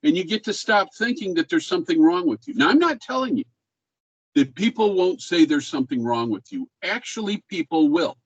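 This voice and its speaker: A man's voice: sits high, lively intonation, fairly quick, slightly rough, no room sound, dull audio. An older man teaching an online class, talking in a laid-back way and checking in with questions. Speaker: music professor.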